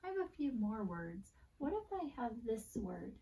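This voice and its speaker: A woman teacher giving a video phonics and grammar lesson at a board, sounding out letters slowly and clearly. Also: fairly high pitch, sing-song, mellow, recorded from a distance. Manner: slow, deliberate sounding-out of letters.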